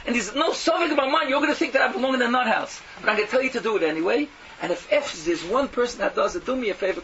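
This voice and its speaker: A man giving a fiery sermon, mocking and animated, swinging from loud outbursts to hushed asides, on a dull lo-fi recording. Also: sits high. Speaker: preacher. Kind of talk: fiery Yiddish-laced sermon. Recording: dull lo-fi recording with faint noise.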